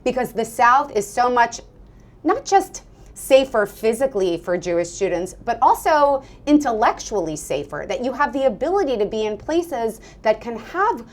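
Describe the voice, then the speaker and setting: An American woman in her forties, a guest speaking fluently and with animation in an interview. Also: a little high. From United States. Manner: fluent, animated, often laughing. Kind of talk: interview conversation.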